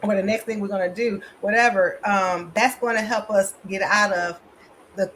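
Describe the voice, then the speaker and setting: A woman's voice: mid-range voice, steady tone, moderate pace, fairly bright tone, a little hiss or hum. A woman therapist and coach, giving an emphatic, motivational conference talk over a video call. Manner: emphatic, motivational, addresses audience as y'all.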